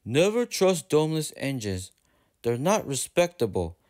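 A man's voice: mid-range voice, sing-song, moderate pace, a little mellow, natural voice. A man voicing a proud, boastful big male steam engine who grumbles pompously. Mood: scornful.

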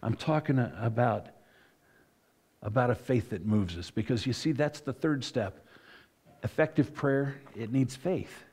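A man's voice: medium pitch, a little slow, darkish tone, breathy edge. A middle-aged man, a pastor, giving a conversational sermon full of asides and self-corrections.

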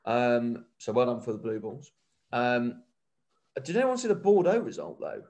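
Man, co-host, animated, rambling, casual chat, pitch jumps around. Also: moderate pace. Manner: animated, excitable, rambling with restarts. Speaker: podcast co-host.

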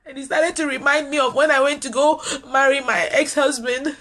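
A woman's voice: high-pitched, steady tone, normal speed, a bit bright, slight background noise. A middle-aged woman preacher giving a personal, earnest sermon to online viewers, repeating lines for emphasis.

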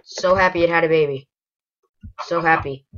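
A woman hosting a gaming channel, giving casual gameplay commentary, excitable and rambling, often bursting into loud exclamations. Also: lowish voice, moderate pace, slight background noise. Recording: dull lo-fi home recording.

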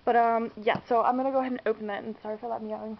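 Racing along in a gravelly, slightly high voice with little pitch movement, a young woman vlogger chats through an unboxing at home. She's bubbly, gushing, and frequently squeals and giggles. Faint hiss runs under the dull lo-fi camera audio.

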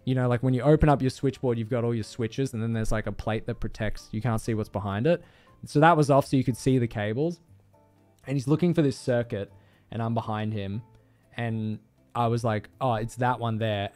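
A young man, telling a story on his stream with lots of swearing and loud outbursts. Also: medium pitch, dry recording. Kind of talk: casual storytelling.

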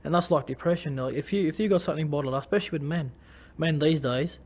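An Australian man talking about his own life in a personal testimony. He speaks in a halting way, with many restarts and fillers. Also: a little high, a little mellow. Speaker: former rugby league player.

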